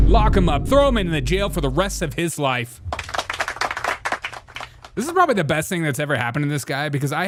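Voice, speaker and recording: A man's voice: mid-range voice, noisy background. A man hosting a casual livestream, talking in a sarcastic, mock-outraged way and laughing often. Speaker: livestream host. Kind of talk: satirical casual livestream commentary.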